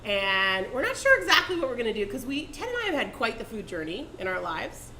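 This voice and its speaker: A woman hosting a cooking show in a kitchen studio, chatting casually and bubbly, quick to laugh and repeat her guest. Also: a little high, wildly swooping pitch, bright, forceful tone. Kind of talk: casual chat. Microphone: condenser mic. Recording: echoey room, faint background noise.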